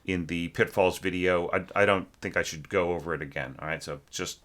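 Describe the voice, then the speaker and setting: Low-voiced man, bright forceful tone, rambling teacher, lots of fillers, hums phrases. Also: fairly quick. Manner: rambling, full of fillers, sings musical figures. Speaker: orchestration teacher. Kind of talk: spoken critique of a student score.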